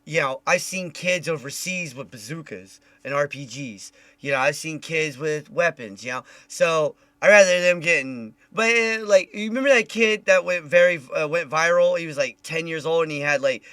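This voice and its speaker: A man hosting a casual live-streamed chat show, loud and animated, swearing often. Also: a little high, moderate pace, few pauses, no room sound. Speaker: podcast host.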